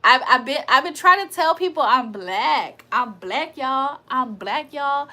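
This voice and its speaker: Woman livestream host, high and bright, playful and profane, banter with chat. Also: moderate pace, few pauses. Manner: joking, laughing, profane, reads chat aloud.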